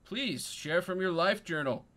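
A man's voice: sits high, lively intonation, a little slow, bright, forceful tone, voice pushed up, exaggerated voice. A man voicing a jovial male mouse king who laughs heartily and speaks grandly.

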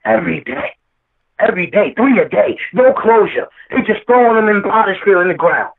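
A man speaking high for his sex, preaching and quoting scripture as he vents, pressing his points again and again. His voice comes through a tinny phone line, distant and echoey. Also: expressive, fairly quick, creaky. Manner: preachy, quotes scripture, repeats himself heatedly. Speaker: rapper guest. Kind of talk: impassioned interview talk.

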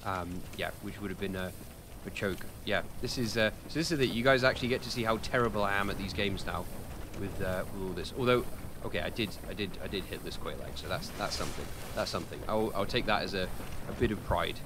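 A young British man with a fairly low voice talks casually to his live chat while he plays. He rambles, restarts his sentences and teases himself between questions. There is a faint hum behind him. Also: fast talker. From United Kingdom. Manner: rambling, self-deprecating, answers chat questions with many fillers. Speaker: gaming streamer. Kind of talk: casual live-stream commentary while playing.

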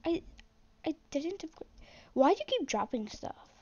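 Young woman, gameplay commentary, flat self-deprecating mutter, slightly high voice, dull lo-fi recording. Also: moderate pace. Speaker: gaming channel host.

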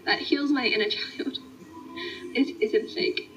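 A woman's voice: fairly high pitch, slow pace, a bit bright. A young Australian woman chatting casually on a livestream, answering viewer comments in a friendly way. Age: young adult. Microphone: phone. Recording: dull lo-fi phone stream, faint music.

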